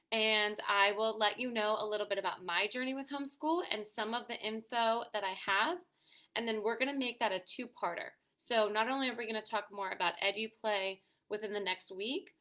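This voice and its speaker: A woman's voice: medium pitch, pushed and bright. A woman hosting a weekly live show for mothers, chatting casually and answering viewer comments with lots of "you know" and "um". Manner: frequent "you know" and "um" fillers. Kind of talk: casual live-stream chat.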